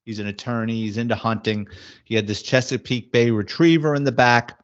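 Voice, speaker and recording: A middle-aged former police detective, casually telling wisecracking anecdotes in a blunt way. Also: male voice, medium pitch, steady tone, a little fast. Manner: blunt, wisecracking, acts out quoted dialogue. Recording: slightly muffled audio.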